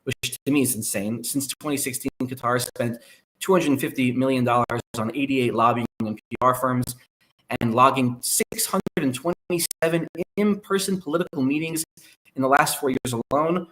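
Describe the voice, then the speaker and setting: A man speaking as a guest analyst on a podcast, explaining at length in a measured way. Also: mid-range voice, steady tone, a bit bright, low-quality recording. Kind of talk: conversational podcast interview.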